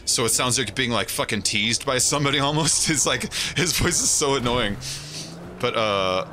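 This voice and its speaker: A man's voice: medium pitch, expressive, moderate pace, bright, forceful tone, slight background noise. A man streaming a video game, chatting casually and laughing with friends. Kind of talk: casual gaming stream chat. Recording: game music behind voice.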